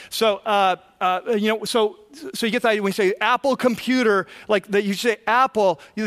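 High-voiced pastor preaching conversationally. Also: male voice, fairly bright tone. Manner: conversational, repeats words as he restarts. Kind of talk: sermon.

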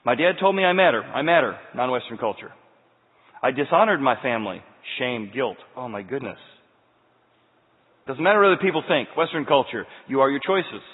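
A man's voice: mid-range voice, sing-song, fairly quick, slightly rough. A man preaching a sermon in an emphatic way, asking the listeners many rhetorical questions. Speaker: pastor. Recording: tinny, phone-like sound with long hall reverb.

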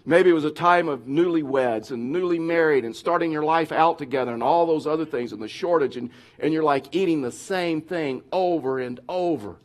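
A middle-aged man gives a conversational sermon in a slightly raised voice. He is animated and chatty, and he sometimes mimics whining complainers. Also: on the high side, normal speed, few pauses. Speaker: pastor.

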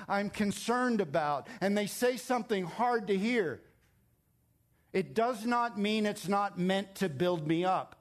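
A middle-aged man preaching a sermon as pastor, emphatic and climbing higher when he presses a point.

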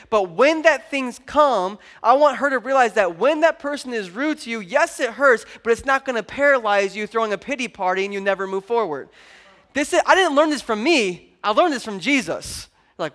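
A man in his thirties preaching a sermon to a congregation, animated and joking with the crowd. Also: extremely high pitch. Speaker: pastor.

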